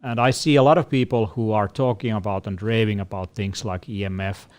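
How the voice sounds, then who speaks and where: A man co-hosting a casual Q&A, explaining things in a measured way with frequent fillers. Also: fairly low pitch, steady tone, a little mellow. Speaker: co-host answering questions. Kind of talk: casual panel Q&A.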